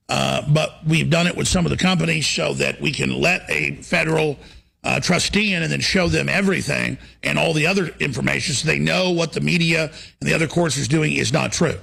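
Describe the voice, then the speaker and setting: A man hosting a talk radio show, ranting in a heated, forceful monologue. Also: fairly high pitch, creaky.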